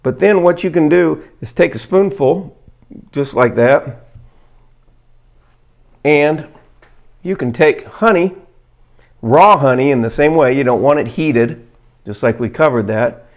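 A man vlogging, earnestly explaining and demonstrating a fermented food to camera, reading study excerpts aloud and pausing on fillers. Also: fairly high pitch, animated. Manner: earnest, plain-spoken, pauses with fillers. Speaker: health vlogger.

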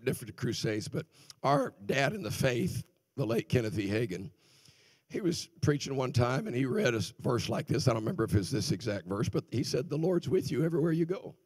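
An older male preacher delivers a sermon with a lively, swooping delivery, his voice pitched a little high and edged with gravel. He shifts between ringing declarations and hushed asides, and the sound is close and dry. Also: no echo. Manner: animated preaching, swings from loud exclamations to quiet asides, laughs between points. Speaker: guest minister. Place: church sanctuary.

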